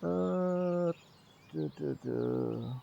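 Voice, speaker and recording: A male gaming streamer with a slightly croaky voice, chatting casually while reading a game's text aloud with small slips. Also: a little high, very slow, dark tone. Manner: chatty, reads narration with small slips and restarts. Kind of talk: casual let's-play commentary, reading game text aloud. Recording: dull lo-fi mic with faint music.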